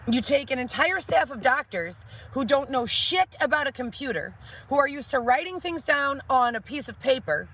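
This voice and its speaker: A woman's voice: high-pitched, lively intonation, normal speed, a bit bright. A woman ranting animatedly and profanely about her old job on a live stream, mimicking others in a raised voice.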